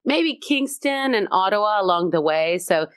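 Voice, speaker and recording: A woman comedian chatting as a guest in an interview, telling stories with high energy. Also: normal speed, clean tone, no room sound, studio quality. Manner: high-energy, animated storytelling. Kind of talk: casual interview chat.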